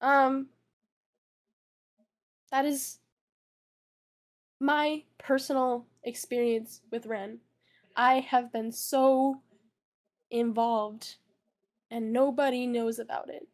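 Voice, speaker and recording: A young woman with a high voice speaks in an emotional interview, tearful and upset. She stumbles, repeats her words and keeps apologizing as she talks it through. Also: steady tone, drawn-out words, pauses often. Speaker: interviewee, witness.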